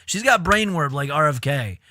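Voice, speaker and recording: A man's voice: a little high, lively intonation, moderate pace, bright, forceful tone, a little hiss or hum. A man streaming live, riffing on clips in casual, profane, exasperated commentary.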